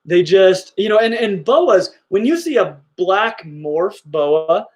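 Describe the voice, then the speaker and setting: A middle-aged man talks casually and eagerly as the host of a livestream. His voice sits a little high for a man, and he gushes with enthusiasm. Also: animated, slow. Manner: enthusiastic, gushing. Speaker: reptile channel host.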